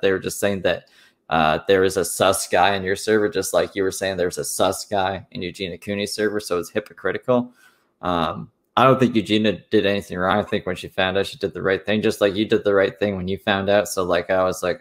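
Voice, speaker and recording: A man streamer recounting online drama in casual, rambling commentary, swearing freely. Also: sits low.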